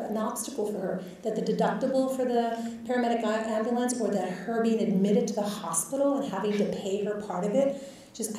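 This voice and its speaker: A woman's voice: a little high, dark tone, slight background noise. A woman physician telling a lecture audience about a patient, candid and reflective, with many filler words. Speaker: physician guest speaker. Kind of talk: storytelling in a lecture. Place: lecture hall. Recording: echoey lecture hall, far from mic.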